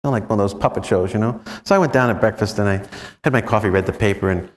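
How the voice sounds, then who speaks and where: A Jesuit priest giving a rambling, chuckling retreat talk, telling anecdotes and asking the group questions. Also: male voice, lowish voice, fast talker. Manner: rambling, chuckling storyteller who asks the audience questions. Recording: long reverb in a large room.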